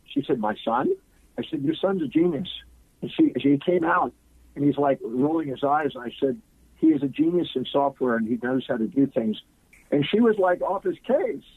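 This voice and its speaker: A man, a guest on a talk program, telling a lively anecdote and acting out the quoted lines. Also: on the high side, moderate pace, no room sound. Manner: animated anecdotal storyteller, acts out quotes. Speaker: guest speaker. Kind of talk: storytelling in an interview. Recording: husky voice on a tinny phone-like line.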